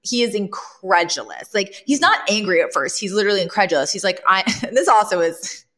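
A woman's voice: mid-range voice, very animated, brisk, a bit bright. A woman co-hosting a casual recap chat, chatty and laughing often as she acts out quotes from the episode. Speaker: podcast co-host.

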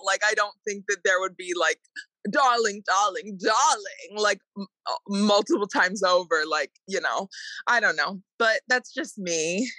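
A woman's voice: mid-range voice, normal speed, pushed and bright, dry recording, poor audio. A woman co-hosting a podcast in casual chat, candid and full of fillers, swearing freely. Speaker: podcast co-host.

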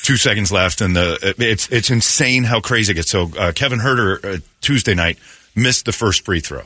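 A man's voice: on the low side, moderate pace, no room sound. A man hosting a radio show, chatting casually and telling stories with lots of laughter. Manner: animated storyteller, laughs a lot. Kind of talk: casual morning radio chat.

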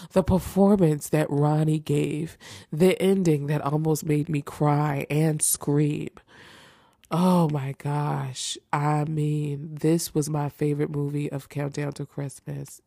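A woman's voice: sits low, vocal fry, mellow, no room sound, clean studio sound. A young woman hosting a casual chat show, gushing over favorites and repeating phrases for emphasis. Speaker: host ranking holiday movies.

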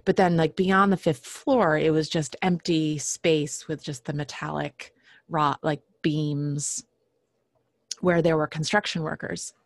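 A woman telling a personal story casually, halting often with fillers and restarts and clearing her throat now and then. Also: low-pitched, steady tone, dry recording.

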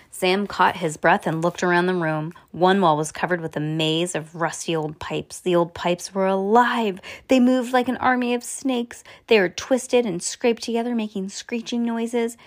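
A woman reads a children's chapter book aloud at a middle pitch. She is expressive and lively in the telling. She drops into casual asides between passages. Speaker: reader.

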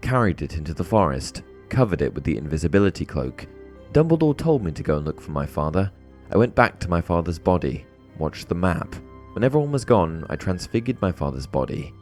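Deranged young killer confessing, flat and quick, read by a deep-voiced man. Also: faint music behind. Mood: cold.

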